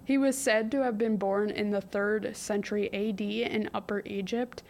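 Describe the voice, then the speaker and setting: A woman's voice: mid-range voice, steady tone, normal speed, darkish tone, slight background noise. A young woman co-hosting a casual history podcast, reading from her notes with jokey asides and giggles. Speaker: podcast co-host.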